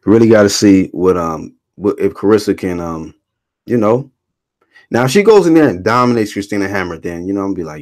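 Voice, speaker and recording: A man's voice: low voice, expressive, fairly quick, a little mellow. A man rambling through casual live-stream commentary, reading chat comments and reacting in an incredulous, profane way.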